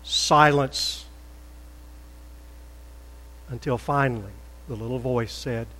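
An older man preaching a sermon in a church, stressing words loudly, then dropping to a soft prayerful tone. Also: mid-range voice, slow pace, in a large hall, low-quality recording. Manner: emphatic, swings between loud stresses and soft prayer. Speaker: pastor. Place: church sanctuary.

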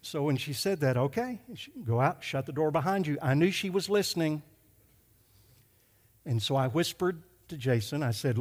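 A man's voice: a little high, lively intonation. Preaching man in a reverberant hall. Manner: storytelling preacher, emphatic, slows down for stress. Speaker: pastor. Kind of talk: sermon.

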